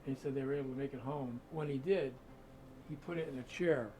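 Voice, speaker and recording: A man's voice: mid-range voice, fast, darkish tone, a little hiss or hum, poor audio. A man telling a creepy story in a conversational, dramatic way, full of asides, while guiding people through a museum room. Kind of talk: spooky storytelling.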